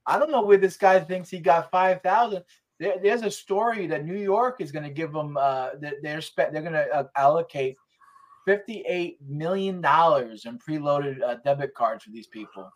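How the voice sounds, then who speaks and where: A man's voice: fairly high pitch, normal speed. A man talking as a guest on a casual political chat, ranting heatedly with restarts and swearing.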